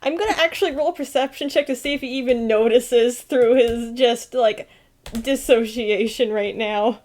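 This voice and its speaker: Woman player thinking out loud, bit high voice. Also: normal speed. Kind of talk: casual chat.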